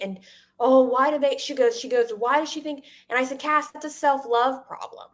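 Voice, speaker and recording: A young woman co-hosting a live chat show over a video call, chatty, self-deprecating and quick to laugh. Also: high voice, fairly even intonation. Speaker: co-host. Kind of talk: casual live-stream chat.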